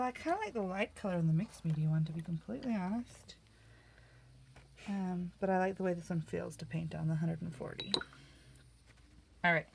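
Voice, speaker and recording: A middle-aged woman talks her way through a painting session at her craft table, chatty and teasing herself as she goes. Her mid-range voice carries a gravelly fry, with a faint hiss in the background. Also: lowish voice, darkish tone. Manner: chatty, self-mocking, laughs easily. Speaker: art vlogger. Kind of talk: casual crafting tutorial chat.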